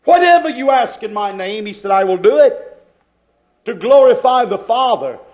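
A man's voice: very high-pitched, very animated, normal speed, darkish tone, muffled recording. A man preaching a sermon, repeating phrases with rising and falling emphasis.

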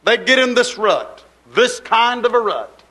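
A man preaching with a very high, bright voice. He delivers in a rhythmic, repetitive style, rising into exhortation and then dropping to quiet asides. His grammar is folksy and colloquial. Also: sing-song, a little slow, rough recording. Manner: swings between raised exhortation and low, quiet asides. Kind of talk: sermon.

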